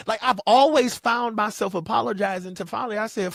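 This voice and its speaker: A man's voice: high-pitched, brisk, gravelly, few pauses, no echo, studio quality. A man hosting a podcast, delivering motivational advice in an emphatic, repetitive preacher's cadence. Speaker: podcast host.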